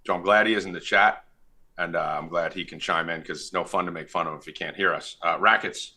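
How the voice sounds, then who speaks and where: Brash, bright-voiced foul-mouthed host. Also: male voice, deep voice, steady tone, quick pace. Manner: brash and profane, loud ribbing. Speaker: podcast host. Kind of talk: casual sports betting chat.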